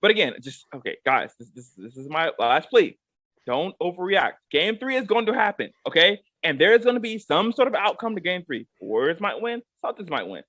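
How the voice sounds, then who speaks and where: Male co-host, high and lively voice, heated repetitive rant, dry close recording. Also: a little fast, dry recording, dull audio. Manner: emphatic and repetitive, drives points home with "okay?". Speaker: co-host giving a rant segment.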